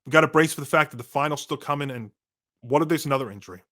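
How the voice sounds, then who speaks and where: A man co-hosting a sports podcast, ranting in a casual, animated way with frequent restarts, his voice going hoarse. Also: fairly high pitch, rapid-fire. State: losing his voice. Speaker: podcast co-host.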